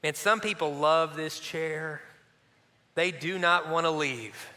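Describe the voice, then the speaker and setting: Middle-aged man, pastor, high bright delivery, chatty sermon style, church hall reverb. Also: takes it slowly. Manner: animated, conversational preaching with playful asides.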